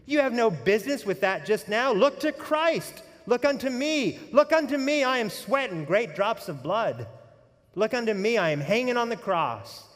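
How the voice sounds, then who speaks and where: A man's voice: sits high, sing-song, normal speed, pitched above the performer's own voice. A man voicing a plain-spoken, uneducated working-class preacher in a rustic dialect, earnest and emphatic. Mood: fervent. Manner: earnest, emphatic, folksy grammar. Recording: reverberant hall.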